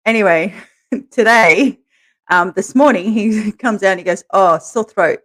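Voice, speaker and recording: A woman co-hosting a podcast, telling candid stories in a relaxed way and laughing as she goes. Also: medium pitch, a little slow. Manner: laughs through her stories, animated quoting. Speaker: podcast co-host, interviewed as guest. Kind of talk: candid conversational storytelling.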